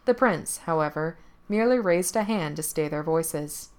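A woman narrates a fairy tale in a calm, measured manner, her voice slightly low. The reading is steady and unhurried. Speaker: storyteller. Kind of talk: storybook narration.

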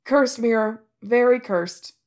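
Woman voicing a shaken, halting young man. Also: a little high, a little mellow, pitched above the performer's own voice. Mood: urgent. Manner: shaky, halting, broken-off phrases. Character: young man, rattled and wry. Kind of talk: audiobook reading.

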